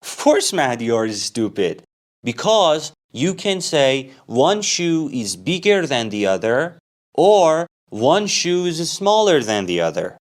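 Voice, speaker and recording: Guy teaching a mini story, asks a question then answers it, slow and bouncy. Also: on the high side, very animated. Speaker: English teacher.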